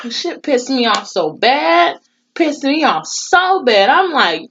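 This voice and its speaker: A woman, reviewing a TV episode in a profane, animated, indignant rant. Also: high-pitched, takes it slowly, slight background noise. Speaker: TV show reviewer. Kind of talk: casual recap rant. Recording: slightly dull lo-fi audio.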